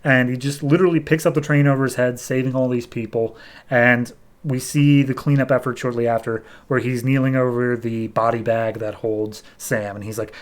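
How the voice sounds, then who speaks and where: A man with an everyday middle-pitched voice hosts a comic book podcast. He retells an issue in relaxed, chatty fashion, slipping into quick offhand voices for the characters as he goes. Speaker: podcast host. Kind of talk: casual comic book recap.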